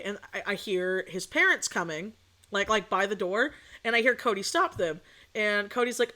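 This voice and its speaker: Bright, chatty young woman streamer. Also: medium pitch, fairly quick. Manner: chatty, swears freely, acts out quotes. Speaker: VTuber streamer. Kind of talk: casual storytelling.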